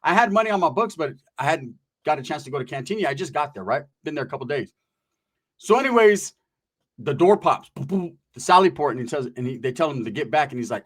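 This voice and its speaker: Rapid-fire storytelling guy from norcal, slightly high voice, cussing and doing all the voices. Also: breathy edge. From Northern California. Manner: animated, profane, acts out the voices of the people in his story. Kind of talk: casual storytelling.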